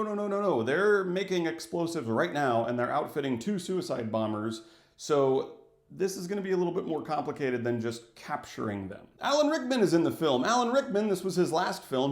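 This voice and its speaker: A man talks through a film review in a casual, lively way and jumps into quick acted-out bits of dialogue. His voice sits in the middle range and bounces around a roomy, echoey space. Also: medium pitch. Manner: animated, acts out scenes with little voices. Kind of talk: casual movie review vlog. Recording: echoey room.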